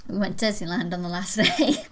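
A woman's voice: medium pitch, brisk, a bit bright. Lady in her 30s, chatty podcast cohost, giggly, corny jokes. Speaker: podcast co-host. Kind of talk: casual chat.

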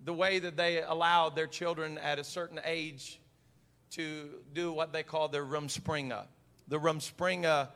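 High, bright-voiced preaching man. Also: big-room sound. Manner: impassioned preaching that rises from soft talk to shouting; repeats words and phrases for emphasis. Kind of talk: sermon.

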